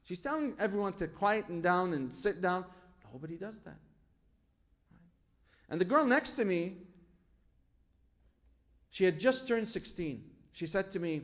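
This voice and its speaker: A man's voice: high-pitched, animated, unhurried, long pauses. A man giving a sermon as a sheikh. He tells stories from his own life, asks rhetorical questions and quotes scripture. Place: lecture hall at a religious gathering.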